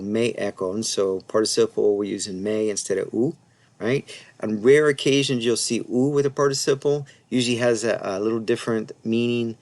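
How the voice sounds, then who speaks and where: A man with a low, gravelly voice teaches New Testament Greek in a loose, conversational way. He sounds out the Greek slowly and talks through his points with plenty of ums and restarts. He speaks into a desk mic. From United States. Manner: explanatory, thinks aloud with many fillers and restarts; reads Greek slowly and carefully. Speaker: Bible teacher. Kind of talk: casual screen-share Greek lesson.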